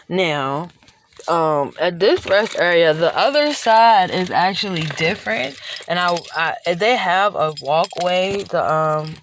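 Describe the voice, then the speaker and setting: A woman vlogger out of breath as she walks a rest-area trail, chatting casually and rambling in relaxed slang into a handheld phone. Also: lowish voice. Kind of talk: casual vlog narration while walking. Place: outdoors at a highway rest area. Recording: outdoor traffic noise.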